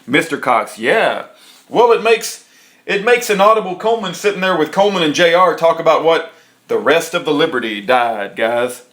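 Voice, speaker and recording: High, bright-voiced man ranting sarcastically. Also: lively intonation, normal speed. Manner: indignant, sarcastic, bursts into shouting; drops into a low mocking voice to read the lines. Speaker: commentator reading a court transcript. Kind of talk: ranting commentary over a transcript reading.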